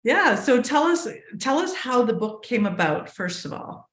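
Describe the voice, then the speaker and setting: Slow-talking playful woman host, roomy echo. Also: a little high, sing-song. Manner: playful, laughing, easygoing. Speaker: podcast host. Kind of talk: casual interview chat.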